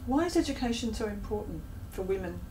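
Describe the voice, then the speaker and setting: A woman's voice: mid-range voice, animated, fast talker, far from the mic, noisy background. A woman with a New Zealand accent chatting playfully, joking and making fun of herself in a group talk. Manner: playful, joking, self-mocking. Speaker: actress guest on a talk show. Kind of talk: casual group chat.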